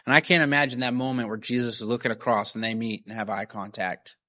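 Male pastor, mid-pitch, earnest and chatty sermon delivery. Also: fairly even intonation, fast, sharp tone. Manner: earnest, conversational, frequent "right?" and "you know".

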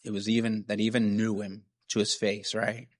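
A man's voice: fairly low pitch, flat delivery, normal speed. A man preaching a sermon in an earnest, conversational way, often checking in with "right?" and "you know". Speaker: pastor.

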